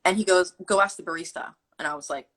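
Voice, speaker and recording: A young adult woman telling a personal story in an interview, animated and quoting people as she goes. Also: lowish voice, fast talker, rough recording. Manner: animated, acts out quotes with fillers like "like". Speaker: guest telling her story. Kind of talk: candid storytelling.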